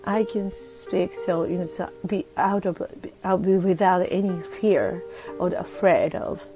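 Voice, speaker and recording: A woman's voice: fairly low pitch, steady tone, unhurried, music in the background, poor audio. A woman with a Japanese accent, hosting a casual live audio chat, talking with lots of fillers and switching between English and Japanese. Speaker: host.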